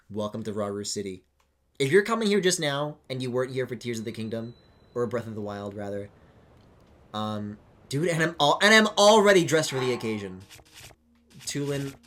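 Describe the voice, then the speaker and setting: Rambling, animated male streamer. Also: medium pitch, normal speed, a little hiss or hum. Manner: rambling, swearing, sudden excited squeals. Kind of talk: casual live-stream commentary. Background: game music.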